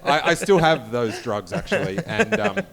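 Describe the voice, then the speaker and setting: A married man hosting a live comedy panel on stage, telling animated, joking anecdotes. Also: on the high side, normal speed, creaky, a crowd in the background. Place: live stage before an audience.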